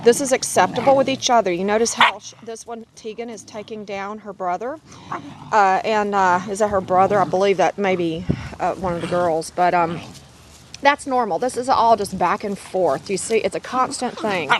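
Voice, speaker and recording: A woman's voice: medium pitch, moderate pace, noisy background. A middle-aged woman, a dog breeder, narrating a casual home video in a chatty, rambling, affectionate way. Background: puppies squealing and playing.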